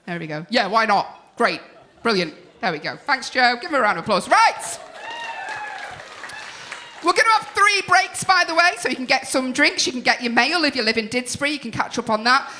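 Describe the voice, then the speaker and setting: A woman's voice: a little high, expressive, fairly quick, bright, forceful tone, slight background noise. A woman compering a comedy night on a club stage, joking brashly with the crowd and introducing acts. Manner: brash, jokey, swears at the crowd.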